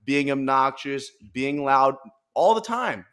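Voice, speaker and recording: A man hosting a casual podcast, talking in animated, profane rants with bursts of laughter. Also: mid-range voice, normal speed. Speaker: podcast host.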